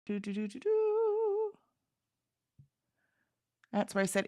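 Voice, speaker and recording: A woman's voice: very high voice, big pitch swings, takes it slowly, darkish tone, dry recording, studio quality. A woman hosting a casual livestream, reading viewer comments aloud in a chatty way and laughing often. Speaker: livestream host.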